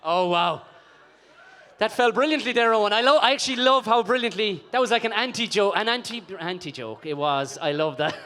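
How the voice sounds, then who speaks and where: A man's voice: high voice, lively intonation, fairly quick, pushed and bright. A man hosting a live film night, upbeat and teasing. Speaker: host.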